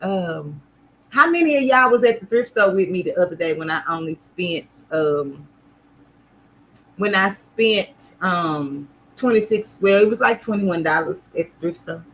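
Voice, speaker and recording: Woman, livestream sewing host, loud, extra, playful, unhurried, bright ringing voice. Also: lowish voice, expressive, slight background noise, poor audio. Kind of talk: casual livestream chat.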